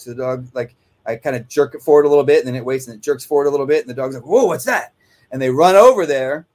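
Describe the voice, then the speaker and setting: Rambling man with a slightly high voice. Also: darkish tone. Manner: rambling, conversational, frequent "right?" asides. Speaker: dog trainer. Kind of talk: casual instructional talk. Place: kennel office.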